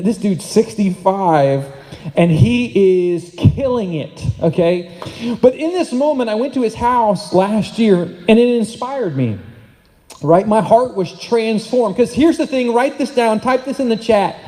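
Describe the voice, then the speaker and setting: A man in his thirties preaching a sermon as pastor, energetic and joking, swinging between loud and soft. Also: sits high, a little slow. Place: church hall. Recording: long hall reverb.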